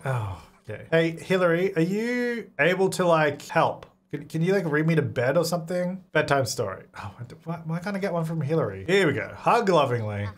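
A young man giving chatty let's play commentary, talking aloud to his game and breaking into exasperated yelling. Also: fairly high pitch. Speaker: gaming video creator.

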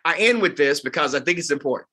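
A man in his fifties, a pastor, preaching a closing sermon to volunteers and sweeping from loud highs to quiet lows. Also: animated, fast. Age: 50s. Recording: live talk before a group.

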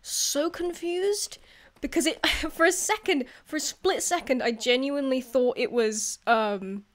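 A woman giving casual gameplay commentary as a YouTuber, chatty and excitable, laughing often and talking to the creatures on screen. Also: sits high, unhurried. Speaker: gaming YouTuber.

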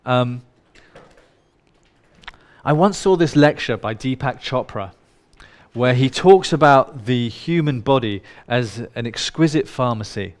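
A man leads a live workshop, talking straight to the people in the room. His delivery is playful and irreverent, with casual swearing mixed in, and his voice sits at an ordinary middle pitch. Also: expressive, slow pace. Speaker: workshop leader. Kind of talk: live workshop talk to an audience.

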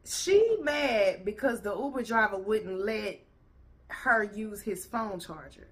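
A woman's voice: medium pitch, lively intonation, slow pace. Profane, sassy woman commentator. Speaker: reaction video host. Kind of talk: ranting reaction commentary.

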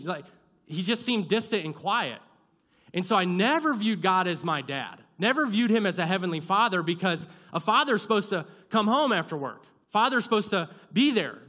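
A young male pastor delivers a sermon with a high, bright voice. He talks casually and with humor at his own expense. He slips into playful acted-out asides as he speaks. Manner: conversational, self-deprecating preaching with acted-out asides. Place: church sanctuary.

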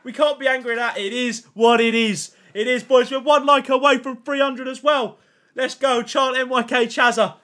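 A young man chatting casually to his viewers on a gaming livestream, excitable and slangy, thanking chat constantly and reacting loudly to pack openings. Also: very high-pitched, normal speed.

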